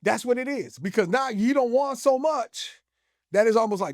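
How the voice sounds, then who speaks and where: A man co-hosting a sports debate, making his case in a measured way and often saying "it is what it is". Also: very high-pitched, expressive, no echo, clean studio sound. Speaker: co-host.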